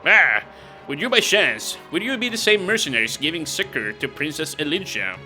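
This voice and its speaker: A man's voice: fairly high pitch, sing-song, moderate pace, pushed and bright, soft background music, pitched above the performer's own voice, exaggerated voice. A man reading out a haughty enemy male commander's lines from a game, in a formal, questioning manner. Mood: intrigued.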